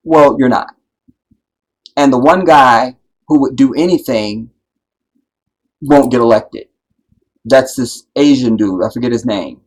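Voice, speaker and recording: A man hosting a live stream, talking in an impassioned, preachy way that builds to loud, emphatic peaks and keeps checking that his listeners follow. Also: mid-range voice, a little slow, long pauses, poor audio. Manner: preachy, builds to loud emphatic peaks, keeps asking "you see what I'm saying". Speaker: livestream host.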